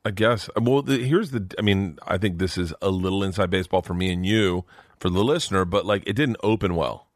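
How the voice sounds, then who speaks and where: رجل منفعل يروي القصص بصوت منخفض وجاف. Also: male voice, low-pitched, a little fast, no echo, clean studio sound. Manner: animated, swearing, acts out quoted voices. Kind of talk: casual podcast storytelling.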